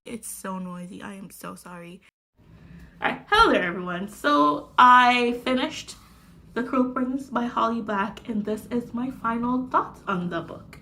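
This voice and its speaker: A woman's voice: fairly high pitch, measured pace, sharp tone, a little hiss or hum. A young woman talking casually about a book she is reading, slangy and swearing freely as she rants. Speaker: book reviewer. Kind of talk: casual book review vlog.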